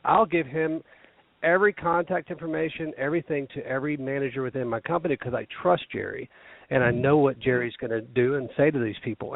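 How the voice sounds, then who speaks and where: A man's voice: medium pitch, no room sound. A man on a panel speaking as an internal corporate recruiter, rambling with many fillers and restarts. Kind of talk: panel discussion. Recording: dry, thin phone-like sound.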